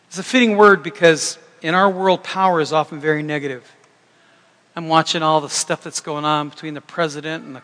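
A middle-aged man preaches in a high, light voice, talking to his congregation like he's chatting with friends. He jokes and rambles through restarts before building back up. His words ring with a long reverb in a church sanctuary. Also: sharp tone. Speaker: pastor. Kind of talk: sermon.

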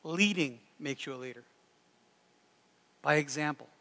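A man preaching a sermon in a folksy, animated way, breaking into loud shouted impressions. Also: on the high side, unhurried, big-room sound. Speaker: pastor.

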